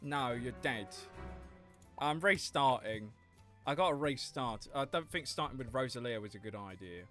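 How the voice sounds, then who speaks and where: Streamer, chatty and giggly, bright voice swinging all over, faint music behind. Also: medium pitch, normal speed. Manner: chatty, animated, laughs often. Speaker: gaming livestreamer. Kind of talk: casual livestream commentary.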